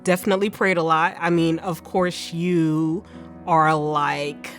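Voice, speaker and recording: Woman, fairly low pitch, recounting her own experience in a relaxed conversational testimony with lots of fillers, soft music underneath. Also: unhurried. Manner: conversational, with many fillers and restarts. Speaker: cancer survivor giving a testimony. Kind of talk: casual personal testimony.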